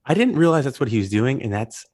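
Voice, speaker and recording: A man's voice: medium pitch, fast talker, no echo. A man in his late twenties co-hosting a movie podcast, joking around and swearing casually. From Mexican. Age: late 20s. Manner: joking, profane, animated. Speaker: podcast co-host. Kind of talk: casual chat.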